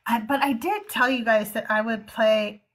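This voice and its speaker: A woman hosting a live call-in show, talking slowly and earnestly with many fillers. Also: on the high side, fairly bright tone. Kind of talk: casual livestream talk.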